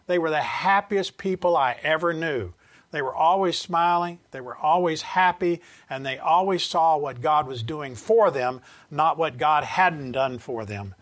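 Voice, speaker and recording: Earnest older man teaching scripture slowly. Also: fairly high pitch, a bit bright. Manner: earnest, slows to stress key phrases. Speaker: Bible teacher. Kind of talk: sermon reading from notes.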